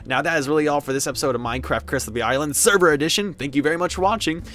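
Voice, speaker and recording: A man's voice: a little high, racing, a bit bright, faint music behind. A man hosting a building-game video, chatting casually and telling a rambling, playful story full of tangents. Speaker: gaming video host.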